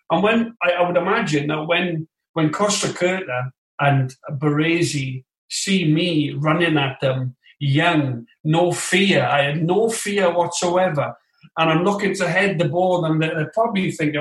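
A man as an interview guest, telling football anecdotes in an animated way and acting out other voices, recorded remotely. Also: fairly high pitch. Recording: roomy echo, distant from the mic.

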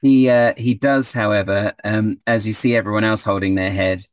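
A man's voice: on the low side, fairly even intonation, moderate pace, no room sound. A man running a tabletop game as game master, hesitant with many fillers.

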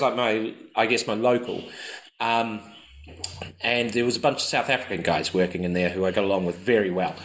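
New man telling lively stories. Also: mid-range voice, echoey room, low-quality recording. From New Zealand. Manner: animated, acts out voices in anecdotes. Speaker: podcast co-host. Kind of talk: casual storytelling chat.

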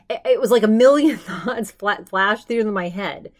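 A young woman hosting a podcast, telling a story in casual chat with animated quoted asides. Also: mid-range voice, a little slow, few pauses. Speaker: podcast host.

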